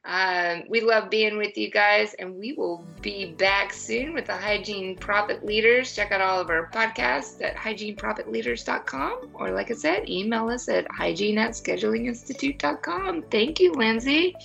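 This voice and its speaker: A woman hosting a podcast, telling funny stories in a casual, animated way and laughing often. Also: mid-range voice, moderate pace, vocal fry, hardly any pauses, faint music behind. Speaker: podcast host. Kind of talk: casual chat.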